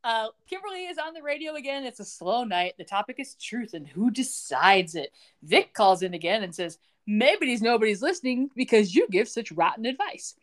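A woman's voice: on the high side, normal speed. A young woman co-hosting a podcast, retelling a TV episode in casual chat and acting out the characters' lines as she goes. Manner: animated, jokey, acts out the characters' lines while retelling. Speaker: podcast co-host recapping a TV episode.

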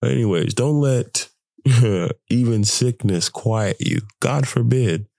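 A young man hosting a podcast, sick with the flu, talking in an animated, preachy way and laughing often. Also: medium pitch, slow pace, vocal fry, no echo. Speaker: podcast host. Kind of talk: casual motivational monologue.

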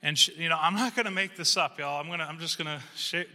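High, bright-voiced man preaching. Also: fast. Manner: animated, conversational, acts out quotes. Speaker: pastor. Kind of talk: humorous storytelling sermon. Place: church sanctuary. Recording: reverberant church hall.

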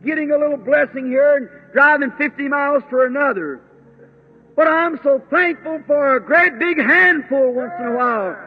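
A man preaching a sermon in a fervent, drawn-out way, breaking into exclamations. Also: very high voice. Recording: tinny lo-fi old sermon tape.

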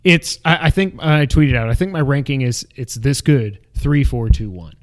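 A man's voice: medium pitch, moderate pace. A man co-hosting a podcast, gushing and rambling in casual chat. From Canada. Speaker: podcast co-host.

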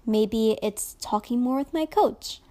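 A young woman in her twenties speaking softly and emotionally in a personal reflective vlog, at times dropping to a whisper. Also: on the high side. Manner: slow, soft-spoken and emotional, drops to whispers at times.

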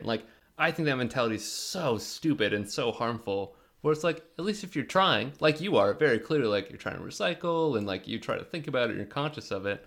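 Podcast co-host guy, mid-pitched, easygoing and teasing in casual chat. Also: lively intonation, fairly quick, gravelly, few pauses, a bit bright.

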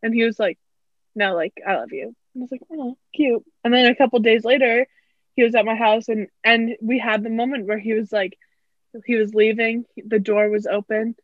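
A woman's voice: on the high side, moderate pace, no echo. A young woman co-hosting a podcast, telling stories in casual chat, chatty and full of fillers. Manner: chatty, many fillers, animated storytelling. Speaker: podcast co-host. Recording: dull lo-fi dry sound.

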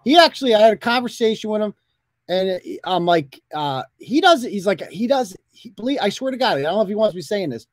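A man's voice: sits high, sing-song, fairly quick, dry recording. A man hosting a live talk show, chatting casually, bluntly and with plenty of swearing. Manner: blunt, swears freely, rambling. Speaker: host.

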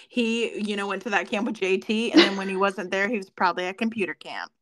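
A woman's voice: medium pitch, quick pace, a bit bright, dry recording, poor audio. A woman co-hosting a podcast in casual chat. She is emphatic, laughs a lot and repeats phrases for effect. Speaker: podcast co-host.

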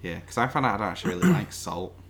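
A man's voice: lowish voice, big pitch swings, racing, gravelly, a bit bright, a little hiss or hum. A man from Blackpool, chatting casually, rambling, swearing freely and laughing often. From Blackpool, England. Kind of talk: casual chat.

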